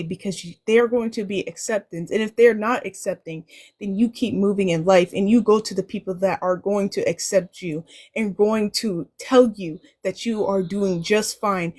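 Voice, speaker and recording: A woman's voice: medium pitch, darkish tone. Earnest woman preaching about speaking up. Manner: earnest, preachy, repeats phrases for emphasis. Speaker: panel guest. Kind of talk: casual live-stream panel talk.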